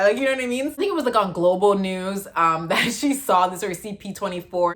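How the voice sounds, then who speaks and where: A woman's voice: mid-range voice, fairly quick, hardly any pauses. A woman in her thirties from Canada, chatting animatedly as she tells a storytime vlog. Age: 30s. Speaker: vlogger.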